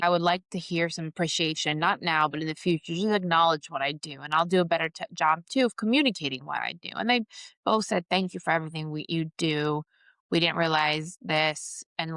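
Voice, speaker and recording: A woman's voice: sits low, vocal fry, a bit bright, dry recording. A middle-aged woman hosting a podcast, telling a personal story candidly and with feeling. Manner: candid, emotional, reenacts her own outbursts. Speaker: podcast host.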